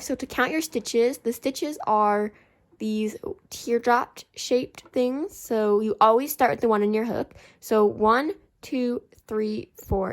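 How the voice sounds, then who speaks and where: A young woman hosting a home crafting tutorial. She talks through each step casually and apologizes often, and her voice is a little rough. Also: on the high side. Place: indoors at home, warm room.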